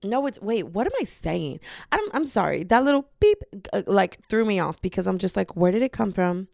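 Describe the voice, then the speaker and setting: Chatty woman podcaster with a gravelly edge. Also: medium pitch, sing-song, moderate pace, a little mellow, dry recording, studio quality. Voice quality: slightly scratchy. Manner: chatty and rambling, breaks into playful off-key singing. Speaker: podcast host. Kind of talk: casual solo podcast chat. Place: her bedroom with hardwood floors. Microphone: podcasting mic.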